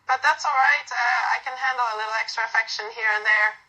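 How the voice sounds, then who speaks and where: In a romantic audio role-play, a woman voices a fond young woman who gently teases her clingy partner. Her fairly high, bright voice stays tender even while poking fun, and the brisk recording is low in quality.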